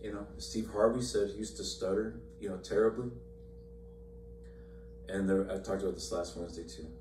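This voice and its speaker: Low-ish guy leading bible study, lots of "you know", echoey room. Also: steady tone, normal speed, a little mellow. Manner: conversational, repeats words, many fillers. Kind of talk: informal Bible study teaching. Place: church meeting room. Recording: echoey room, far from mic, faint hum.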